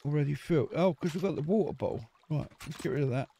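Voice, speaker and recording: A man's voice: fairly high pitch, fast, mellow, slight background noise. A man chatting casually to himself as he plays a video game, joking and muttering along the way. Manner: chatty, jokey, talks to himself while playing. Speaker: gaming video host. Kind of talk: casual let's-play commentary.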